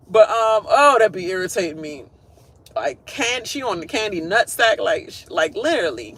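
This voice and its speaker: High-voiced man ranting a TV recap. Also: very animated, normal speed, bright, forceful tone. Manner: blunt and profane, laughs often. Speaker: show recap host. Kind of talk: casual TV recap rant. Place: at work.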